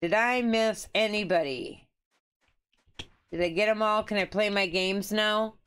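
Woman, game streamer, chatty and playful, smooth clear voice, mid pitch. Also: steady tone, a little slow, a bit bright. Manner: chatty and playful, banters with viewers and reads game dialogue aloud. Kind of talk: casual let's-play chat.

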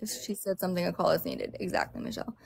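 A woman's voice: on the low side, wildly swooping pitch, fast talker, vocal fry, a little hiss or hum. A woman chatting casually on a live stream, laughing often and acting out what other people say. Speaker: livestream host; crisis counselor.

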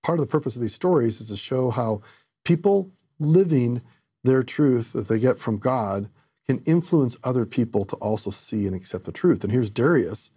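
A man's voice: medium pitch, animated, normal speed, dark tone, slightly rough. A man co-hosting a conversational Bible lesson, explaining the story in a thoughtful way. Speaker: scripture study co-host.

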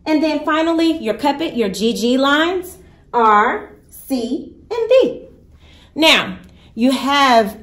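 Slow, patient woman teaching in an echoey room. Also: fairly high pitch. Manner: patient, explanatory, slow and deliberate. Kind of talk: recorded virtual lesson.

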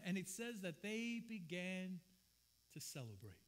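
A man's voice: high voice, big pitch swings, measured pace. A man preaching a sermon as pastor, earnest and personal, telling stories from his own life in a church. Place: church sanctuary.

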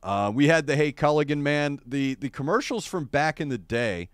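A middle-aged man hosts a casual livestream, talking through rambling, wry stories with bursts of animation. His voice sits a touch high and comes through smooth and clear. The sound is dry and close. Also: animated, moderate pace, dry recording. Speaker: show host. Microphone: adjustable streaming microphone.

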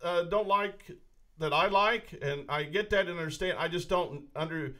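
A man's voice: high-pitched, normal speed, sharp tone. A man co-hosting a podcast in a studio, chatting casually with friends, joking, rambling and opinionated. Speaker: podcast co-host. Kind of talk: casual chat.

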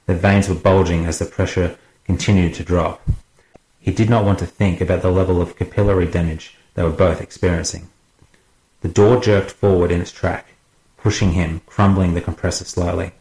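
A man narrating an audiobook as a guest reader, in a measured, steady way. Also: low-pitched, echoey room, low-quality recording.

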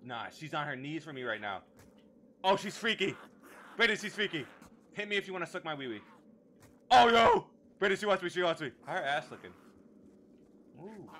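A young man streaming a game from his home setup, joking crudely in casual banter with sudden excited outbursts into a desk mic. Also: fairly high pitch, moderate pace, pauses often, slight background noise.

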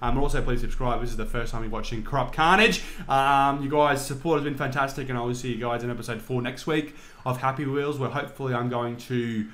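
A young man commentating on his own gameplay, excitable, swearing and shouting at the game. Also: mid-range voice, a little fast, few pauses. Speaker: gaming channel host.

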